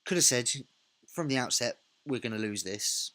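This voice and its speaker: A man's voice: medium pitch, expressive, moderate pace, bright, forceful tone. A man hosting a let's play, thinking aloud in a casual, self-correcting way while he narrates a football management game.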